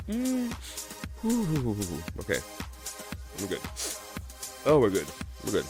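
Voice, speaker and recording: A man's voice: mid-range voice, huge pitch swings, slow pace, music in the background. Teary, rambling male streamer. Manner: emotional and rambling, reading out follower names. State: teary from crying. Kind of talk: live watch-along reaction stream.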